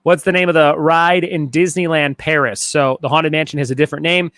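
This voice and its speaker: Joking trivia host reading viewer comments. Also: male voice, a little high, fairly even intonation, brisk, a bit bright, no room sound. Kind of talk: casual livestream trivia hosting. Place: home garage.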